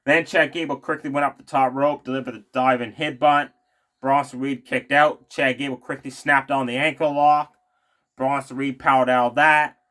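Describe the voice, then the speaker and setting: A man's voice: mid-range voice, fairly even intonation, normal speed, a bit bright. A man giving a casual, opinionated recap of a wrestling show, rambling along with plenty of fillers and asides.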